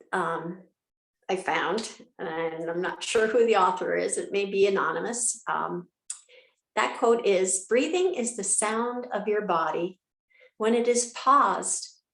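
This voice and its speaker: Woman yoga teacher, calm guided breathing, very slow delivery, echoey room. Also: mid-range voice. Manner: calm, unhurried, with soft pauses and fillers.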